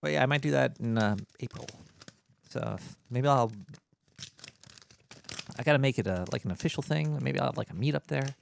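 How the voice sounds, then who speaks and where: A man hosting his own show in casual, rambling talk, laid-back and halting with many fillers. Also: medium pitch, gravelly, slight background noise. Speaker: podcast host.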